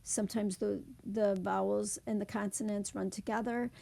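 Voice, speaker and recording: Woman, slide lesson, mellow gravelly voice, slow careful delivery. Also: medium pitch, level tone. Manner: slow, careful, deliberate explanation. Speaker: teacher.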